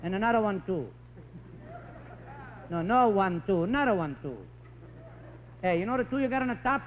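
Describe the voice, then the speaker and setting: A man voicing a fractured-English immigrant father who shouts into a telephone. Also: high-pitched, lively intonation, moderate pace. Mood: exasperated. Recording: tinny 1950s broadcast recording, faint hiss.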